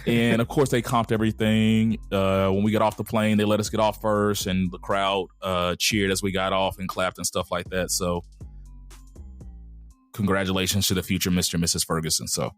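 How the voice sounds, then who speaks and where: Brief: low-voiced man, podcast co-host, easygoing storyteller, faint music behind. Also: normal speed. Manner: relaxed, conversational retelling with fillers. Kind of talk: casual chat, storytelling.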